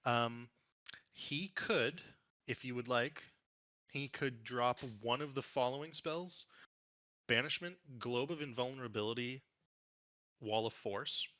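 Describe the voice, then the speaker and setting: Guy game master for a tabletop game, bright tone, dry close sound, kinda hesitant thinking out loud. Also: medium pitch, slow pace, pauses often, no room sound. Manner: thinks aloud, casual and hesitant.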